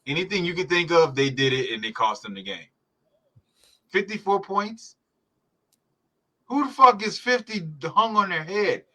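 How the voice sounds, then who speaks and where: A man's voice: high-pitched, lively intonation, unhurried, long pauses, sharp tone. A man hosting a podcast, reacting live to a football game in a heated, profane rant. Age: adult parent. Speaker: podcast host.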